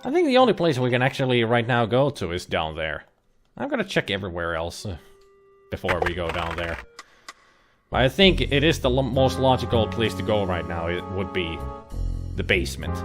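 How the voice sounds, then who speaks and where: A man's voice: on the low side, sing-song, normal speed. A man giving casual, joking commentary while playing an old computer game, chatting and muttering asides. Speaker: let's play host. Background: faint game music.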